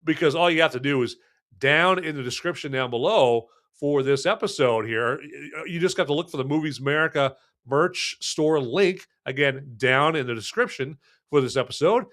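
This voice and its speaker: A man's voice: moderate pace, fairly bright tone. A man hosting a podcast in casual chat, rambling and joking with many restarts and fillers. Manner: jokey, chummy sales pitch. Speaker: podcast host.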